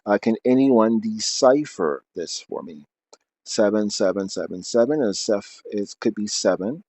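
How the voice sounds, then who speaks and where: A man's voice: fairly low pitch, expressive, a little slow, a little mellow, husky, dry recording. A man reading aloud from his book, then explaining at length off the cuff with many fillers and restarts.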